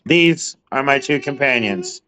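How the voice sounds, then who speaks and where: A man's voice: mid-range voice, lively intonation, unhurried, sharp tone, slight background noise, poor audio. A man voicing a huge, stern jarl who rules a city and talks bluntly and commandingly. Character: huge stern male jarl, a city's ruler.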